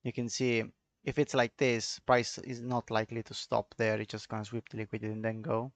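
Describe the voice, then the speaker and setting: A man's voice: mid-range voice, monotone, fairly quick, no room sound. A man with an Italian accent, casually talking through trading charts live and chatting with viewers in a loose, offhand way. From Italy. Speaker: trading streamer.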